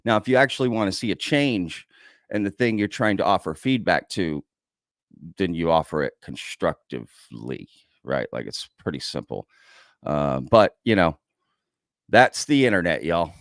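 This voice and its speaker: A man's voice: deep voice, animated, moderate pace, vocal fry, dry recording, studio quality. A man with an American accent hosting a casual livestream, chatting loosely and reading out viewers' comments. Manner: chatty, reads out viewer comments, says "y'all". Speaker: livestream host.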